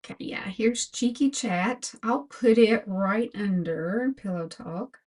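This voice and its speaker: A woman's voice: medium pitch, darkish tone. An older woman giving a chatty makeup tutorial as a beauty vlogger, talking through products one by one. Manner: slow, chatty product talk.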